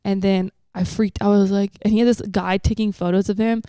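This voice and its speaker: A woman's voice: mid-range voice, brisk, smooth, no room sound, studio quality. Brash, foul-mouthed woman podcast host. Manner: animated storytelling, heavy swearing and slang. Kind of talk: casual chat.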